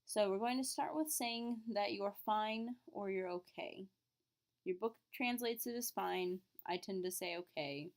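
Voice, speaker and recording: A woman's voice: medium pitch, unhurried. A woman teaching beginner French, explaining patiently and modeling phrases with exaggerated rising intonation. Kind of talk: classroom lesson.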